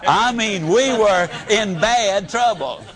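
A man giving a motivational talk, telling homespun stories and swinging from booming emphasis to hushed tones. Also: takes it slowly. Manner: folksy storyteller, swooping from booming to hushed. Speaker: motivational speaker.

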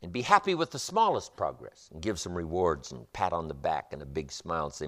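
A man's voice: low-pitched, sing-song, brisk, hardly any pauses. A man giving a motivational lecture with an emphatic, repetitive, preacher-like cadence. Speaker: motivational speaker.

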